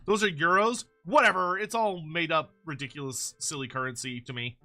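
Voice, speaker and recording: Bright-voiced man ranting through memes. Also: a little high, normal speed, soft background music. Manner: rambling, swears freely, mock-outraged rants. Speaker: YouTube host reviewing fan memes. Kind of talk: casual meme-review commentary.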